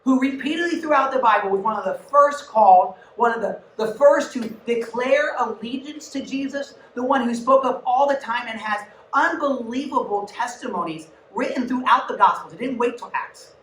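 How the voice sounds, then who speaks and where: Woman youth pastor, lively conversational sermon, room echo, mic set back. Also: fairly high pitch, normal speed, few pauses, a little hiss or hum. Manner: conversational and animated, with asides to the audience. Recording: echoey room, mic at a distance.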